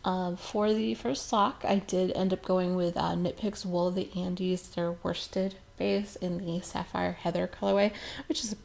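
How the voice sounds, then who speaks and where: Woman rambling on her craft podcast, gravelly voice, lots of ums. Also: lowish voice, little pitch movement, measured pace, a little mellow. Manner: chatty, rambling, many ums, laughs at herself. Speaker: podcast host. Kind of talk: casual knitting podcast chat.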